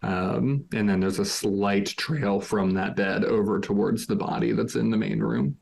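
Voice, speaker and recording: Low-voiced man as game master. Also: fairly even intonation, unhurried, creaky, a little mellow. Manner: loose, filler-heavy narration. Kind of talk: narrating a tabletop game.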